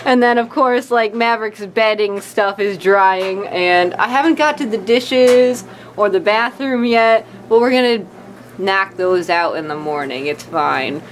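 A woman's voice: medium pitch, a little slow, background noise. Woman vlogger at home; upbeat, rambling, folksy; mid-range voice. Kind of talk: casual chat to camera.

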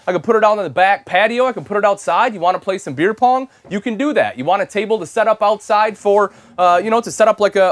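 A man's voice: high voice, no echo. A young man hosting an RV show, giving an enthusiastic, chatty sales walkthrough inside a travel trailer and calling viewers "folks". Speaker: RV show host.

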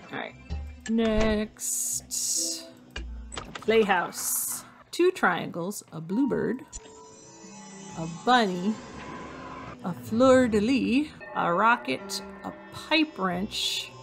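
A woman talks her way through a hidden object game, reading out what she's hunting for and cracking little jokes to herself. Her voice has a gravelly, creaky edge, and faint music plays behind her. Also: medium pitch. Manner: chatty, reads item lists aloud, jokes to herself. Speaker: game streamer. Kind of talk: casual gameplay commentary.

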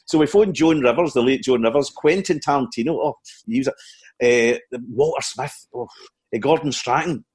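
A Scottish comedian telling lively stories in a podcast chat, with words tumbling out and frequent restarts. His voice sits somewhat high for a man and has a husky grain. The delivery is animated and conversational. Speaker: comedian guest. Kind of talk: anecdotal storytelling chat.

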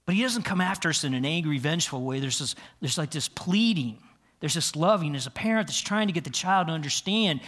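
A man with a fairly high voice preaching to his congregation in a relaxed, conversational way. He talks earnestly and often repeats a word or restarts a phrase as he works through his point. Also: a little fast. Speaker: pastor. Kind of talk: conversational sermon. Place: church sanctuary.

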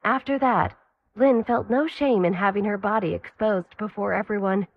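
A woman giving steady, even scripted narration of an audio story. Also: medium pitch, moderate pace, phone-quality sound, a little hiss or hum.

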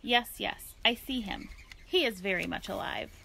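A woman voicing an eccentric elderly woman philosopher who talks in a formal, digressive, unhurried way. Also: mid-range voice, vocal fry, sharp tone, a little hiss or hum. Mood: musing.

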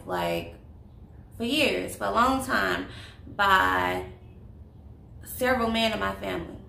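A woman's voice: mid-range voice, gravelly, sharp tone. A young woman chatting through a casual story-time vlog, confiding and full of fillers, recorded in an echoey room with faint noise. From Louisiana, US. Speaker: vlogger.

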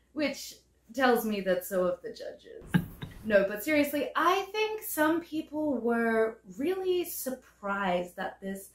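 A woman drag performer delivering sarcastic roast jokes in a comedy set, recorded on a distant mic. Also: on the high side. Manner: sarcastic, lively jabs. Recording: roomy, distant mic with faint noise.

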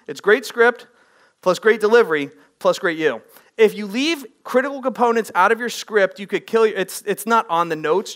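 High-voiced energetic male workshop speaker. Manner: energetic, asks the audience questions. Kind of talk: live workshop presentation. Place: room with a live audience.

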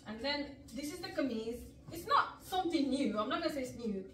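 Chatty high-voiced woman vlogger. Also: expressive, a little fast, fairly bright tone, a little hiss or hum. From Mirpur, Pakistan heritage, living in the UK. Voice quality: chatty, laughs often, mixes in Punjabi words. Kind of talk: casual chat to camera. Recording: echoey room, mic at a distance.

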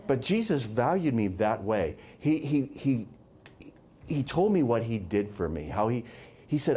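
A man's voice: mid-range voice, sing-song, a little slow, dark tone, slight background noise. A man preaching a sermon, emphatic and repeating words for stress.

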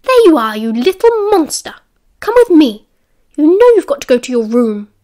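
A woman's voice: very high-pitched, lively intonation, unhurried, pitched above the performer's own voice. A woman voicing a cruel orphanage matron with a nasal, screeching voice. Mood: scolding.

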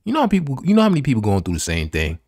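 A man's voice: medium pitch, huge pitch swings, very fast, a little mellow, no echo, studio quality. A man hosting a podcast, giving an emphatic, repetitive motivational pep talk full of slang. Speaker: podcast host.

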